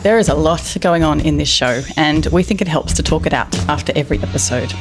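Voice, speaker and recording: A woman's voice: deep voice, fairly quick, music in the background. A woman hosting a podcast, chatting casually and laughing often, a little emotional. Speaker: podcast host. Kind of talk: casual chat.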